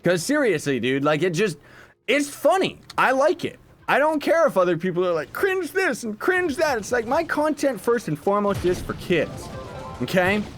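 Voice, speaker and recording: A man's voice: sits high, very animated, moderate pace, a bit bright, faint music behind. A man streaming gameplay live, joking at his own expense and reacting aloud to chat messages. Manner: jokey, self-mocking, reacts aloud to chat. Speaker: gaming streamer.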